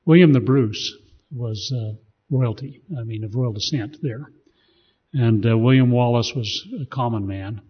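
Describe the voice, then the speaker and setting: A man's voice: medium pitch, unhurried, slightly rough, dull audio. A man telling digressive stories while he talks casually to a group. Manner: rambling, digressive storytelling. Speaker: speaker addressing a group. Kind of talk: casual talk.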